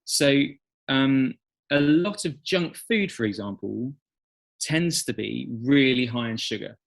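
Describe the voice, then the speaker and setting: A middle-aged man with an English accent, a guest on an interview podcast, telling stories with animated acted-out quotes. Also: mid-range voice, slow, creaky. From England. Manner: animated storyteller, acts out quotes. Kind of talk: conversational interview.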